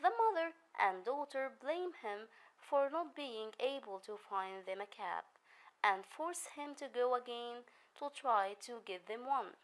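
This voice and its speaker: A woman teacher narrating a recorded literature lesson, speaking deliberately and addressing her students directly. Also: a little high, animated, rough recording.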